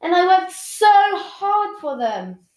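A woman's voice: a little high, normal speed, fairly bright tone, natural voice. A woman reading the lines of a dramatic, complaining schoolgirl in a storybook, recorded in an echoey room. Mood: indignant. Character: schoolgirl sister, dramatic and wailing.

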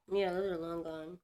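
A woman's voice: on the low side, mellow, poor audio. A woman chatting casually as a podcast guest, laid-back and mostly giving short replies. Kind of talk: casual chat.

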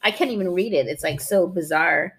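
A woman's voice: on the low side, brisk, fairly bright tone. A woman co-hosting a casual show, chatty and easily amused as she tries snacks. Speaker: podcast co-host. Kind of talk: casual chat, taste-testing snacks.

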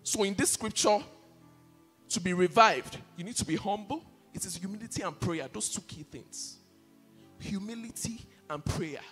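A man's voice: high voice, moderate pace, fairly bright tone. A male pastor preaching an impassioned sermon, repeating key phrases for emphasis. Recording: reverberant hall with faint music behind.

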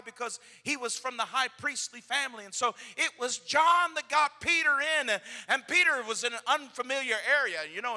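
A preacher with a strikingly high, bright voice delivers his sermon in a big reverberant hall. He tells the story like a storyteller, dropping to a hush and then rising loud. His voice stays sharp and tense throughout. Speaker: pastor.

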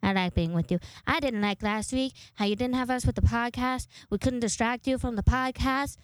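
A woman's voice: on the high side, normal speed, smooth, no echo, lightly acted. A young woman voicing her little female puppy, who whines, stammers and pleads to stay close. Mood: pleading.

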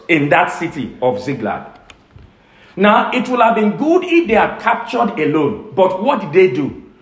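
A male pastor preaching a sermon, emphatic, repeating key phrases for weight. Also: fairly high pitch. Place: church service. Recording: echoey church room.

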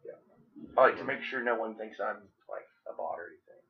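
Man, podcast co-host, casual chat, deadpan, dry humor, muffled recording. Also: on the low side, fast.

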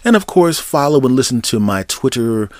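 A man's voice: mid-range voice, big pitch swings, moderate pace, a little mellow, no room sound, studio quality. A man hosting his own solo comedy podcast, rambling and joking with mock threats toward his listeners. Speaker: podcast host.

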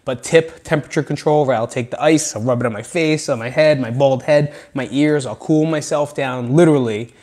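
A man hosting a solo podcast, speaking frankly and with lots of swearing, rambling between low mutters and loud venting. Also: brisk, few pauses. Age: adult with children. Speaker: podcast host. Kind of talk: solo podcast monologue on anger.

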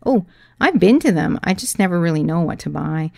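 A woman's voice: on the low side, lively intonation, gravelly, warm tone, no room sound, clean studio sound. A woman voicing an embarrassed, confiding businesswoman. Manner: halting and embarrassed.

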